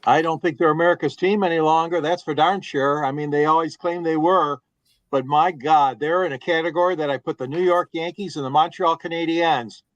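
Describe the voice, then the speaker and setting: Slightly high guy ranting about football, fired up, dry close sound. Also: fairly even intonation, brisk, dry recording, muffled recording. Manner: indignant, ranting. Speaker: panelist. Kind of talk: sports talk show.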